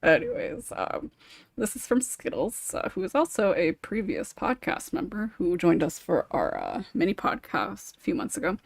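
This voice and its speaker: A woman's voice: mid-range voice, wildly swooping pitch, normal speed, vocal fry, husky, dry recording, studio quality. A woman hosting a casual panel podcast over a remote call mic. She reads listener questions aloud and laughs often. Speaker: podcast host.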